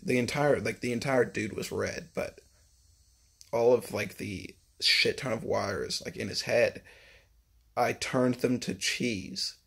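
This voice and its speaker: A man with a gravelly, slightly husky voice tells a long story in a loose, rambling way. He swears constantly and leans on filler words. His pitch sits in an ordinary middle register. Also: slow, a bit bright. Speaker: vlogger recounting a dream. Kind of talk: casual storytelling monologue.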